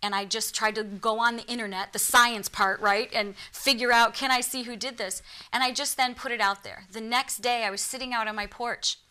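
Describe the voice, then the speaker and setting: On a TV talk show, a psychic medium from Michigan earnestly narrates her own experiences, mimicking the voices she quotes. Her fairly high voice is steady, smooth, bright and forceful, moving at a moderate pace with hardly any pauses.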